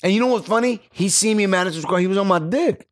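A man co-hosting a podcast in casual chat, telling animated, profane stories and mimicking other people's voices. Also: high-pitched, fast talker, dry recording. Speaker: podcast co-host.

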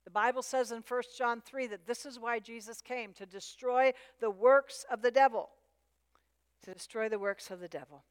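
A woman's voice: fairly high pitch, steady tone, normal speed, clear, resonant tone. A woman preaching a sermon with emphasis, repeating her key phrases. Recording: long hall reverb.

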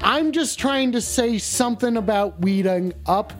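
A man's voice: high-pitched, unhurried. A man hosting a mock call-in show, talking in a brash, profane, mocking way. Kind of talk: crude comedic streaming banter.

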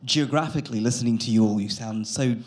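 A man from the audience puts a question to the panel. He speaks at a middle pitch, sounding admiring and pausing now and then as he finds his words. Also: a little mellow. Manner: admiring, halting. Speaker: audience member. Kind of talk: asking a question at a Q&A.

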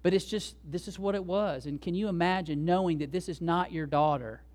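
A male pastor delivers a sermon in a conversational way, tossing rhetorical questions to the congregation. His voice sits notably high for a man. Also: brisk, few pauses, darkish tone.

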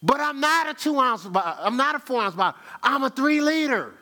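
A man preaching a sermon in a folksy, conversational way, voice swinging high for emphasis and low for asides, with chuckles and repeated words. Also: sing-song, moderate pace, bright, forceful tone. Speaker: pastor.

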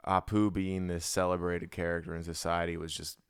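A man's voice: low voice, level tone, fairly quick, clear, resonant tone, no echo, studio quality. A young man hosting a podcast, talking casually in a rambling, loose way with lots of slang and fillers. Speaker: podcast host.

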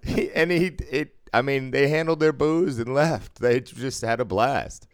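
On a podcast, this co-host chats casually in an unhurried, smooth, medium-pitched voice. His stories come with frequent laughter and plenty of swearing, recorded with clean studio quality and no echo.

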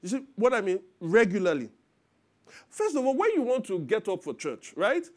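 A man in his thirties preaching a sermon as pastor, lively and acting out parents and children in quoted voices. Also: high-pitched, moderate pace.

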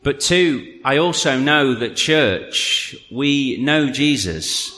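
A man preaching a sermon to a congregation, telling the story with animated energy and then dropping to a quiet, earnest appeal. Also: mid-range voice, takes it slowly. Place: church hall. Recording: long reverb of a large hall.

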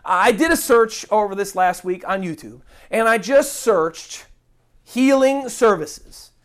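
A woman's voice: mid-range voice, animated, slow pace. A woman giving an earnest online Bible teaching, indignant and emphatic, repeating words for stress.

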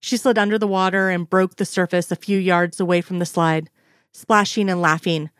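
A woman narrating a piece of fiction in a steady, even storytelling manner. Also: fairly low pitch, moderate pace, clean tone, dry recording, clean studio sound.

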